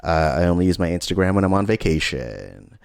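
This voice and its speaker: A man's voice: low voice, very animated, brisk, vocal fry, no room sound. Upbeat chatty male podcast co-host. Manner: upbeat, chatty, laughs easily. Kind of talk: casual chat.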